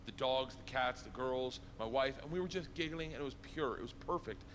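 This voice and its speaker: A man doing stand-up storytelling, animated, shouting his punchlines and putting on other people's voices. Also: mid-range voice, brisk, slight background noise. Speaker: stand-up comedian.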